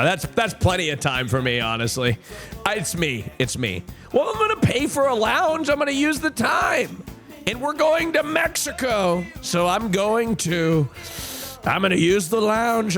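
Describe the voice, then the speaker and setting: A man's voice: on the high side, fairly bright tone. A man streaming casually to his chat, rambling and camp, with crude jokes. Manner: rambling, camp and crude, swinging from chirpy to mutter.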